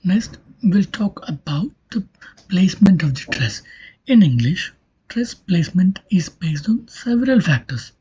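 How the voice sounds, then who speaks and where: A woman giving a recorded linguistics lecture, explaining slowly, her voice often dropping to a near-whisper. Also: lowish voice, expressive, mellow, husky. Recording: dull lo-fi recording.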